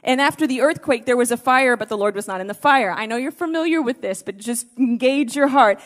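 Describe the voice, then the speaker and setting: Female pastor, higher voice, mid-sermon; intimate near-whispers that build to emphatic, passionate appeals. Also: brisk, hardly any pauses, in a large hall. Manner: swings from hushed near-whispers to emphatic raised exhortation. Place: church service before a congregation.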